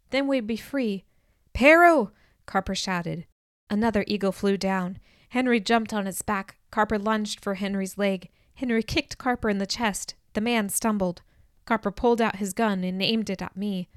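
A woman reads a first-person novel aloud at a measured storytelling pace. Her voice sits in a middle pitch range, recorded dry and close with no room sound. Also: no room sound. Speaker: audiobook narrator. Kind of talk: scripted first-person narration.

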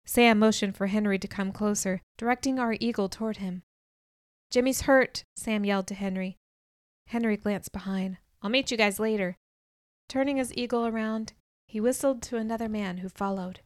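A woman narrating a novel in the first person, telling it at a measured pace and lifting her voice for dialogue. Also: mid-range voice, steady tone, darkish tone, dry recording, clean studio sound. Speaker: audiobook narrator.

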